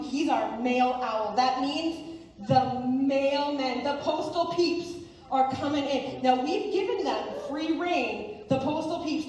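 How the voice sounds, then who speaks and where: A female host and parent panelist presents at a lively family event with a high voice, animated and playful, speaking to kids. She sounds distant and echoey, recorded from far off in a big hall.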